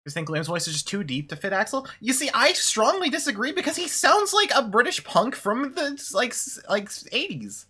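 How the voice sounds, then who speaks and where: Bright-voiced rambling game streamer. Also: medium pitch, very animated, moderate pace, hardly any pauses, husky. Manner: rambling, profane, laughs often. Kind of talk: casual gaming stream chat.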